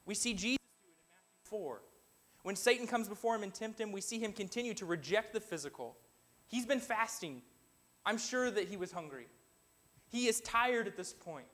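A man's voice: sits high, expressive, normal speed, a bit bright. A man preaching an earnest sermon in a church, reading scripture aloud and exhorting the congregation. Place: church building.

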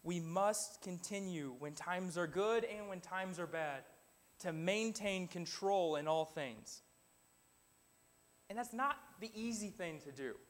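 A man with a high-pitched voice delivers a church sermon. He reads scripture passages aloud, then turns earnest as he exhorts the congregation. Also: slow pace. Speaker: preacher. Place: church building.

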